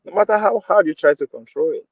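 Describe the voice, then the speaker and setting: A man's voice: a little high, fast, no echo. Nigerian male podcast host, punchy opinion talk with Pidgin asides, dry muffled recording. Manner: emphatic, mixes in Pidgin, repeats phrases. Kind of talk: opinionated commentary. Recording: dull lo-fi dry sound.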